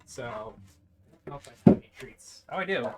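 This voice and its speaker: A man's voice: mid-range voice, animated, normal speed, noisy background. A man hosting a live actual-play stream as game master, chatty and prone to restarts with filler words.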